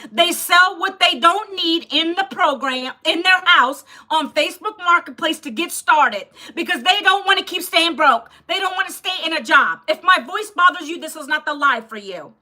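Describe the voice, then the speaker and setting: A woman in her fifties hosting a live stream, talking loudly and bluntly as she pushes her program and scolds viewers in the chat. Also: very high voice, expressive, normal speed, hardly any pauses. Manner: loud and blunt, close to yelling. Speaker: livestream host selling an online program.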